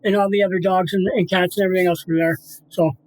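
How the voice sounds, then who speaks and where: High-voiced middle-aged man, earnest storyteller. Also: flat delivery, fast, a little mellow, poor audio. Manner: earnest, repeats himself, acts out voices in his story. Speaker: guest. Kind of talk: emotional personal storytelling.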